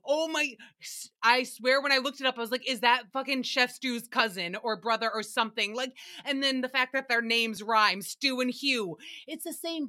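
A young adult woman hosting a casual recap podcast, talking in an animated, playful way and slipping into silly voices. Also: fairly high pitch. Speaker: podcast host.

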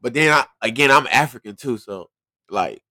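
A young man from Liberia, a rapper as guest, chatting casually in a soft, laid-back voice. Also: medium pitch, expressive, normal speed, dry recording, studio quality. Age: young adult. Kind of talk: casual interview chat.

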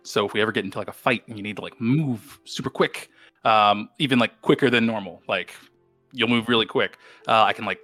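A man playing his character in a tabletop game, rambling and halting with many fillers. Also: fairly low pitch, a bit bright, no room sound. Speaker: player. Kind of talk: in-character tabletop role-play.

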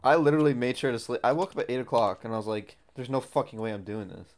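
A man's voice: mid-range voice, quick pace, a little mellow. A young man co-hosting a podcast, chatting casually with short, dry, laid-back remarks. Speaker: podcast co-host. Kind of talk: casual chat.

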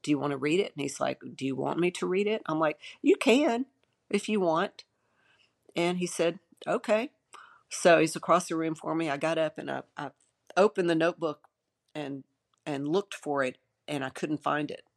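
A woman's voice: sits low, normal speed, creaky. A woman pastor, older, sharing a personal testimony in an earnest, emotional way with many restarts.

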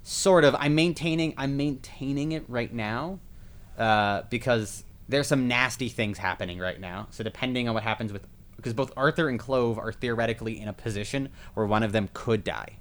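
A man's voice: mid-range voice, normal speed, a bit bright. A man acting as game master of a tabletop game, explaining rules and narrating with many restarts and fillers. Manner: rambling, full of fillers and restarts.

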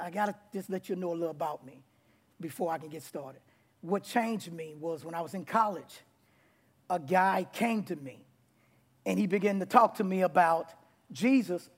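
A man preaching his testimony to a congregation in a church, with a rough, abrupt delivery that bursts into loud, excited passages. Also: high voice. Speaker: guest preacher. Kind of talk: testimony sermon. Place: church sanctuary before a congregation.

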